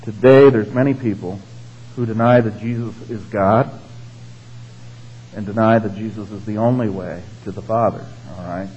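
A man's voice: on the low side, steady tone, moderate pace, darkish tone, highs cut off, a little hiss or hum. A man preaching a sermon in a conversational teaching manner, asking the congregation questions and tagging his points with "all right?" and "okay?". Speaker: pastor.

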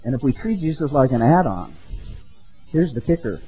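Mellow-voiced man preaching conversationally. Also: medium pitch, very animated, moderate pace, slightly rough, soft background music, rough recording. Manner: conversational, peppered with "okay?" and "right?". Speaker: pastor. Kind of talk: sermon.

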